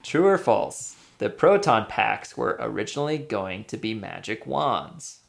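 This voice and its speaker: A man's voice: on the low side, animated, measured pace, creaky. A man hosting a casual movie podcast, quizzing his guest in a playful, chatty way. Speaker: podcast host.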